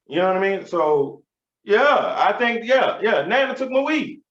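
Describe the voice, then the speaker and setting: A man in his thirties doing a stand-up routine, telling stories in an animated, profane, swaggering way. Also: sits high, moderate pace. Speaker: stand-up comedian. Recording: roomy, dull sound.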